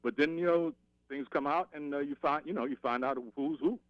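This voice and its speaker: A man calling in to a radio show, rambling and halting, with many fillers. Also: a little high. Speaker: caller. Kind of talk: phoned-in radio chat. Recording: dull, dry phone line.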